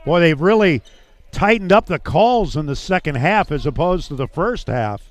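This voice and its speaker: A man's voice: a little high, lively intonation, moderate pace. A man calling a live basketball game play by play, chatty and thinking aloud as he goes. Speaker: play-by-play announcer.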